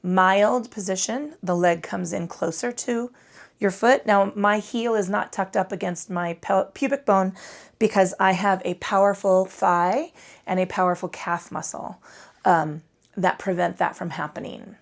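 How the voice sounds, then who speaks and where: A woman's voice: medium pitch, steady tone, unhurried, vocal fry. A woman teaching a casual yoga class, chatty and profane, with rambling asides and a tired edge. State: tired from little sleep. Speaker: yoga instructor. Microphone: microphone.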